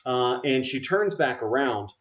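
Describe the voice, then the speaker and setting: Halting man narrating a tabletop game. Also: mid-range voice, lively intonation, fairly bright tone. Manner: halting, full of fillers. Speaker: game master.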